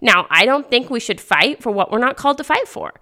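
Animated woman asking rhetorical questions. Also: fairly high pitch, fairly quick. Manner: earnest and encouraging. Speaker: podcast host. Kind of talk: faith-based podcast monologue.

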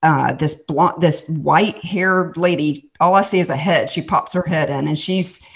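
A woman with a notably low, deep speaking voice, sharing a candid personal testimony as a podcast guest. She tells her story in an animated way, circling back and restarting her sentences and adding asides as she goes. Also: moderate pace. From Southern United States.

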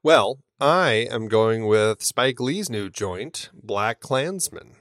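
Low-voiced chatty podcast co-host man. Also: animated, slow, fairly bright tone, dry recording, studio quality. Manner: enthusiastic, chatty, many fillers and restarts. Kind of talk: casual chat.

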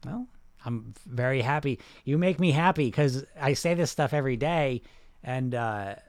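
A man hosting a casual livestream about weight loss, answering viewer comments in an animated, repetitive, salesy way. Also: mid-range voice, normal speed, no room sound.

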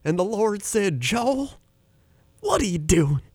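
A man's voice: high voice, very animated, takes it slowly, dry recording, clean studio sound, pitched above the performer's own voice, heavily acted. A man doing an impression of an upbeat, folksy megachurch televangelist with a singsong sermon delivery. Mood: cheery storytelling.

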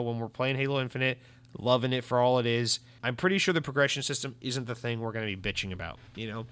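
An American man hosting a podcast in a casual, rambling way, reading out listener comments and reacting to them. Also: medium pitch. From United States. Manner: rambling, animated, reads listener comments aloud. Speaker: podcast host. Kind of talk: casual solo podcast chat.

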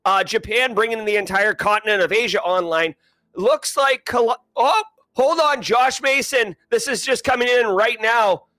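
A man hosting a daily cybersecurity news livestream, hyped and sing-song as he shouts out viewers and places. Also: very high voice, moderate pace, no echo. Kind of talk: energetic livestream chat with viewers.

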